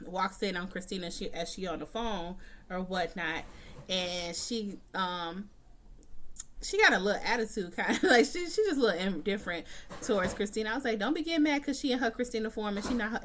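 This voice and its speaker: A woman's voice: medium pitch, a bit bright. A woman recapping a TV episode in a casual, chatty vlog from a room at home, talking bluntly and swearing often. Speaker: TV recap vlogger.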